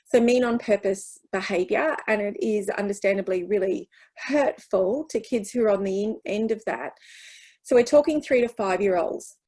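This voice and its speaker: A woman with an Australian accent speaking at a teachers' workshop, explaining child development and acting out gentle phrases to use with kids. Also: mid-range voice, normal speed. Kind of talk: workshop Q&A talk.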